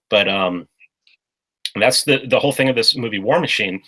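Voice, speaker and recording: A man's voice: fairly low pitch, bright, forceful tone, low-quality recording. A man in a casual political discussion, talking bluntly and swearing often, with many restarts. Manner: blunt and profane, with frequent restarts. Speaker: podcast guest.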